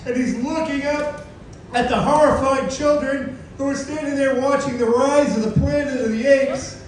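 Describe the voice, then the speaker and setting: Crude high-voiced stand-up comedian. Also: male voice, fairly even intonation, moderate pace. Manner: crude, loud acting out of shouted quotes. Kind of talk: stand-up storytelling. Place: comedy club stage. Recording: echoey club from far off with noise.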